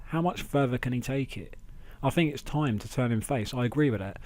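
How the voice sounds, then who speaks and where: A man hosting a casual wrestling review podcast, chatty and excitable, talking into a close mic at home. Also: medium pitch, brisk. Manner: chatty, excitable, acts out quotes in raised voices. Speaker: podcast host.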